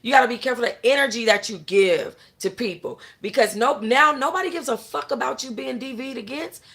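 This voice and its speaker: A woman's voice: a little high, fairly quick, creaky, fairly bright tone. A young adult woman hosting a casual chat, bluntly lecturing her viewers with lots of profanity and a constant "you know what I'm saying". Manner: talks straight to the audience, answers chat. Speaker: host.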